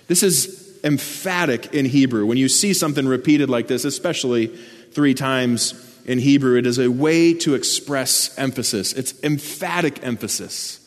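A man's voice: medium pitch, moderate pace. A man preaching a sermon, earnest and explanatory, lifting his voice to stress key words. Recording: long church reverb.

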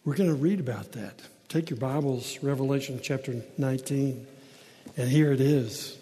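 A man preaching a sermon as a pastor, leading prayer and reading scripture with a solemn, deliberate pulpit delivery. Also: medium pitch, dark tone. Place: church sanctuary. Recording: long reverb of a large hall.

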